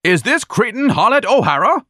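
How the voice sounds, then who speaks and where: A man's voice: extremely high pitch, sing-song, moderate pace, bright, forceful tone, dry recording, clean studio sound, voice pushed up, full character voice. A man voicing a pompous, blustering eccentric man who bellows grand, indignant phrases, in an audiobook. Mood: outraged.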